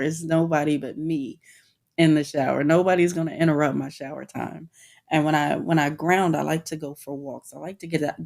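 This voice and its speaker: A woman's voice: low voice, creaky, a little mellow. A woman hosting a personal podcast, talking candidly and informally to her listeners, with frequent restarts. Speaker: podcast host. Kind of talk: personal reflective monologue.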